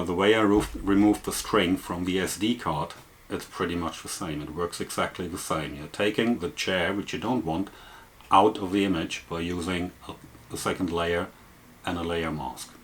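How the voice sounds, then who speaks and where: Step by step, a man explains photography and photo editing in a screen-recorded software tutorial, filling his explanations with frequent fillers. His voice sits low and sounds a bit bright.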